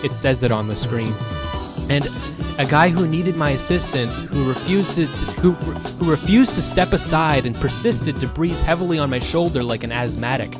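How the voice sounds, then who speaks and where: A man's voice: on the high side, moderate pace, music in the background. Profane ranting man. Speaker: streamer. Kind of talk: casual chat.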